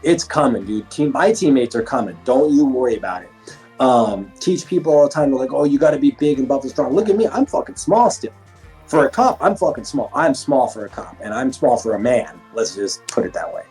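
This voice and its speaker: A man's voice: mid-range voice, brisk, faint music behind. A middle-aged man, a former fighter turned police instructor, telling stories in casual, profane interview chat. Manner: profane, animated storytelling with acted-out quotes.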